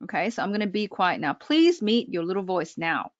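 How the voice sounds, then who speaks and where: A woman's voice: lowish voice, sing-song, a little fast, dry recording, highs cut off. A woman public speaking coach presenting an online workshop, talking straight to her audience with frequent check-ins.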